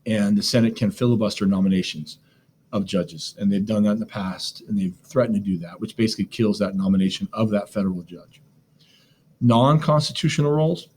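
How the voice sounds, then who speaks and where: A lowish-voiced man talks through class notes like a teacher chatting with students, loose and full of "um"s and quick asides. A faint hiss of background noise sits under his recorded lecture. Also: a little mellow. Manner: conversational, lots of fillers, asides.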